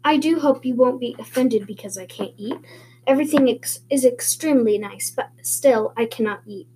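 A woman's voice: a little high, normal speed, warm tone, a little hiss or hum, natural voice. A woman voicing an eager, talkative eleven-year-old orphan girl who speaks in a dreamy, earnest, wordy way.

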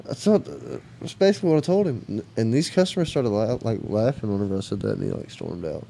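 Mellow-voiced man telling a rambling story. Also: fairly low pitch, lively intonation, fast, gravelly, slight background noise. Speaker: podcast co-host. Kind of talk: casual chat.

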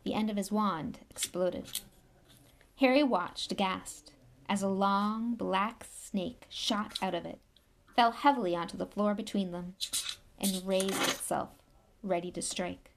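A woman reading a novel aloud with lively, expressive storytelling. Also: mid-range voice, unhurried, gravelly. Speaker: reader.

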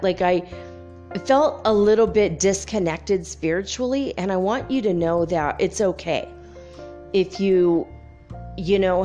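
A woman from California hosts a casual spiritual podcast, rambling in a monologue full of fillers. Her voice is fairly low and a little mellow.

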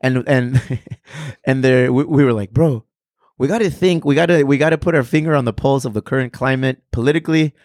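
A man in his thirties from Southern California talks in a loose, profane, animated way, piling up restarts as the stories roll out. His voice sits in a middle register and is recorded close and dry, with no room sound. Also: mid-range voice, brisk, dry recording. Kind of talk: casual chat.

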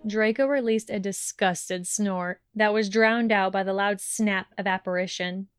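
A woman reading a fan fiction audiobook in a measured storytelling voice. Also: medium pitch, fairly even intonation, soft background music. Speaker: audiobook reader.

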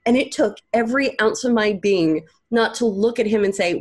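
A young woman with a light Southern accent, speaking as a guest in a relaxed interview. She tells stories with ease and slips into the voices of the people she describes. Her voice sits at a middle pitch. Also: moderate pace, few pauses. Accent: light Southern American. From American South. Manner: storytelling, acts out quoted people. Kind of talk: casual interview chat.

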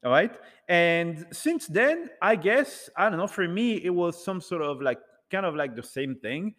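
A man telling a rambling, animated story to an audience in a casual talk, acting out bits of dialogue. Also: high voice, unhurried, long reverb tail. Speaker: speaker addressing an audience.

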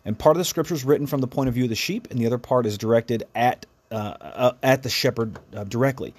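A man's voice: medium pitch, quick pace, a little mellow. A man hosting a devotional podcast, speaking in an earnest, reflective way with frequent restarts. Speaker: podcast host.

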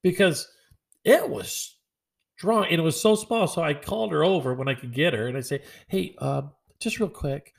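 Gravelly chatty man telling stories. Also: a little high, moderate pace. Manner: rambling, chatty, acts out dialogue in other voices. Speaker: podcast host. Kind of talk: casual storytelling monologue.

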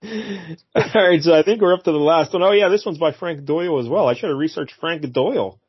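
A man's voice: fairly high pitch, a little fast, breathy edge, no room sound. A man hosting a podcast, chatting casually about comics in a rambling way and chuckling often. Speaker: podcast host. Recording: dry, slightly dull lo-fi mic.

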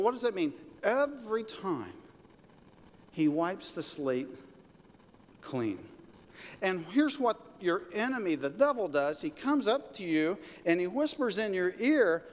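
A middle-aged man preaching a sermon as pastor, animated and joking, leading the congregation in call-and-response. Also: high-pitched, unhurried. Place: church hall. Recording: reverberant hall with faint noise.

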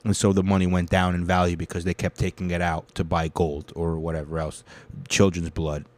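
A man's voice: deep voice, flat delivery, brisk, darkish tone. A young man hosting a casual news commentary, rambling and swearing freely. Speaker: show host.

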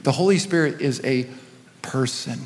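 A man's voice: medium pitch, normal speed, slight background noise. A man, a senior pastor, preaching a sermon with storytelling and rising and falling intensity. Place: church auditorium. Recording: long hall reverb.

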